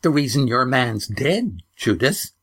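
A man's voice: medium pitch, very animated, unhurried, fairly bright tone, voice pushed up. A man voicing a suspicious old village grandmother who talks shrilly and accuses everyone. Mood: shrill, accusing. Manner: scolding, accusing.

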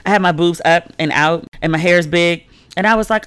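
A woman hosting a casual solo podcast, telling stories in a chatty way with lots of "like" and lively quoted voices. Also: quick pace, dry recording. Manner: chatty storytelling, heavy use of "like", swings pitch when quoting people. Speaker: podcast host.

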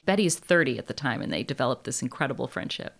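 A woman in casual book talk, thoughtful and measured with a wry edge. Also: rumbling low, big pitch swings, creaky.

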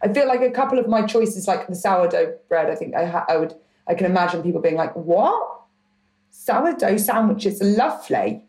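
A woman guest on a comedy podcast, talking in an animated, rambling way with a casual swear or two. Her voice sits a little low, and it carries a clear room echo around it. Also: fast, few pauses.

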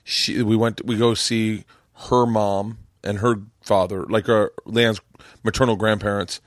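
A man's voice: on the low side, flat delivery, unhurried, no echo, clean studio sound. A man hosting a podcast, chatting casually and telling a profane story, acting out the people in it. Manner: profane, storytelling with quoted voices. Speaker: podcast host. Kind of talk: casual chat.

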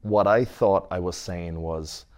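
Deep-voiced Irish man chatting. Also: takes it slowly. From Ireland. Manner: relaxed, laughs often, many fillers. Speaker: guest wrestler. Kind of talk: casual interview chat.

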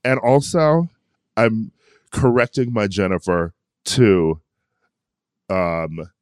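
A man's voice: fairly low pitch, takes it slowly, smooth, dry recording, clean studio sound. A man co-hosting a casual pop culture podcast, playful and gossipy, often laughing. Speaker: podcast co-host.

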